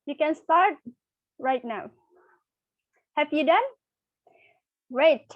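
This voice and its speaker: A young woman teaching a lesson, speaking haltingly with many fillers and restarts. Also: sits high, expressive, no echo. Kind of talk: microteaching English lesson. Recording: dull, lo-fi dry recording.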